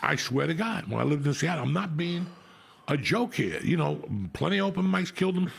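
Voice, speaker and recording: A man's voice: fairly high pitch, animated, brisk, vocal fry, noisy background. A middle-aged man from New Jersey hosting a podcast, telling rambling, profane stories in casual chat. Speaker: podcast host.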